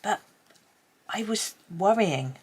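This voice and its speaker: A woman's voice: mid-range voice, lively intonation, slow, darkish tone, husky. A woman with a mild British accent, chatting in a rambling way as she colours at her desk at home. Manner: rambling, chatty, many ums and restarts. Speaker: colouring channel host. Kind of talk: casual chat while colouring.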